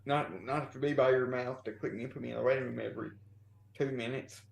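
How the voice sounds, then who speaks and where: A man's voice: mid-range voice, fairly even intonation, fast, vocal fry, roomy sound. A man chatting good-naturedly as a guest on a livestream and teasing the host. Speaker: stream guest. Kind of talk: casual chat.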